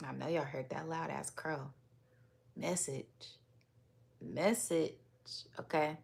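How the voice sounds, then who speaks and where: A woman with a deep, gravelly voice leads a live-streamed spiritual energy reading. She speaks in a calm, relaxed, unhurried way, chatting easily with her viewers. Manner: calm, relaxed and unhurried, sometimes repeating words. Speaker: spiritual reader and livestream host.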